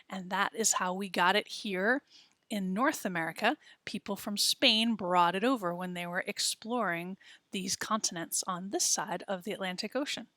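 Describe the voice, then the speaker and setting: A woman teaching a beginner lesson, explaining patiently and repeating words, recorded in a quiet studio. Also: medium pitch, no room sound. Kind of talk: classroom lesson narration.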